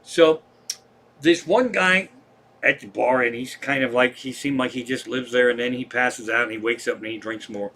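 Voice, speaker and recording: A middle-aged man with a Pennsylvania accent, a comedian telling a profane, animated story on a live stream. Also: medium pitch, normal speed.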